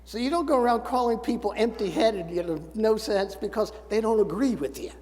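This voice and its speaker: Older male preacher, high voice, reverberant church. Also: brisk, a little mellow. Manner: folksy storytelling with dry humor. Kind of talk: sermon. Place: church sanctuary. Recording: church sanctuary with long reverb.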